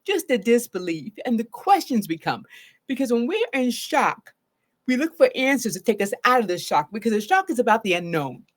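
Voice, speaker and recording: Animated, high-voiced woman therapist. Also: normal speed. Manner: earnest, animated, often asks "right?". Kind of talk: live solo talk on trauma.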